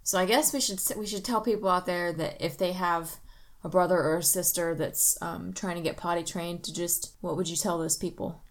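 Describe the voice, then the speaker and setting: A woman hosting a casual family podcast as a mother. She gently prompts her child with leading questions. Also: on the low side, fairly even intonation, a little fast.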